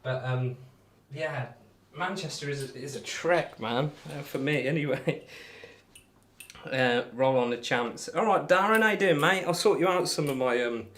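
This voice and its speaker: A man's voice: medium pitch, a little slow. A man chatting casually on a live stream, reading out viewer comments and bantering between darts throws in a rambling, friendly way. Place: home room while throwing darts.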